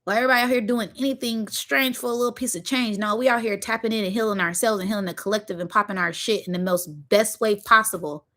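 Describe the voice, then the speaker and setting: A woman's voice: medium pitch, fairly even intonation, fast, few pauses, a bit bright. A woman, hosting a spiritual motivational monologue in an emphatic, preachy way, repeating phrases and using slang. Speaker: spiritual channel host.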